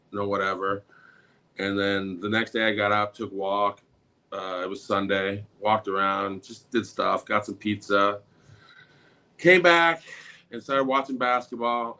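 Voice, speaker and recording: A middle-aged man telling a story in a casual talk. He acts out the quotes in a raised, sometimes shouting voice. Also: on the low side, clean tone. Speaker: podcast co-host.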